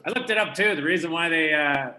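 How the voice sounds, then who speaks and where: A young man from Canada performs a live stand-up set, and his voice sits a little high with a bright, forward tone. He talks casually and makes fun of himself between punchlines, and faint noise runs under the recording. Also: fast. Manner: self-deprecating, conversational punchlines. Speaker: stand-up comedian. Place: comedy venue with live audience.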